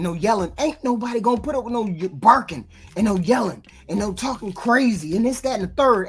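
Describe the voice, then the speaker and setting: A woman's voice: mid-range voice, slightly rough. A woman giving blunt, profane reaction commentary on dating, lecturing her audience. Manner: blunt, lecturing, heavy swearing.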